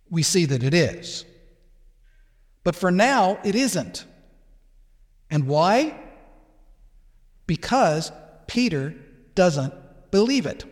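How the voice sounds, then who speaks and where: Emphatic male pastor in reverberant church. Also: fairly high pitch. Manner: emphatic, acts out Peter's protests. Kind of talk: sermon.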